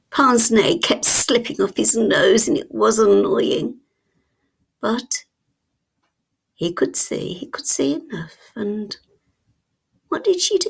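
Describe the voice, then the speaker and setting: A woman telling a storybook tale in hushed, whispered storytelling ASMR, with lingering pauses. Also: mid-range voice, very animated, vocal fry, husky.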